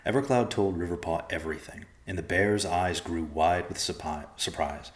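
Male storybook narrator, calm and even, very deep, echoey room. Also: moderate pace, hardly any pauses.

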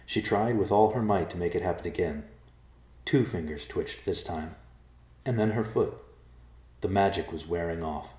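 A man reading a storybook chapter aloud in a steady, measured way. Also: low voice. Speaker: audiobook narrator. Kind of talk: scripted storybook narration. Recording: roomy echo.

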